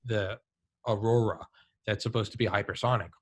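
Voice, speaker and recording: In a casual podcast chat, a man in his thirties animatedly tells stories, peppering them with "dude" and "like." He speaks at a normal speed in a lowish voice.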